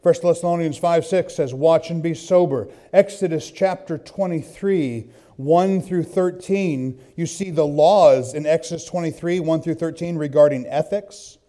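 A man preaching a sermon, telling a story and then reading scripture, swinging from hushed asides to loud bursts. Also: fairly high pitch, normal speed, few pauses. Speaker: pastor.

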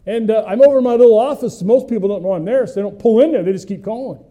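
A man's voice: high-pitched, racing, warm tone. A middle-aged male pastor preaching a conversational sermon, folksy and full of questions to the congregation, with self-mocking humor.

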